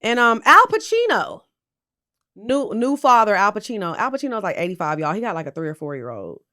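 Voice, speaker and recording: Tipsy lady spilling celeb gossip, blunt and sassy, cusses a lot, smooth clear voice. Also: mid-range voice, big pitch swings, fairly quick, sharp tone. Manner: sassy, blunt, swears freely, talks straight to viewers. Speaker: pop culture commentary host. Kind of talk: casual gossip chat.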